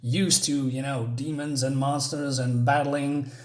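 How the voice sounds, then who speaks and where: A man's voice: mid-range voice, level tone, a little slow, a little mellow. A man reviewing a comic book in a casual vlog, talking hesitantly with many fillers and restarts.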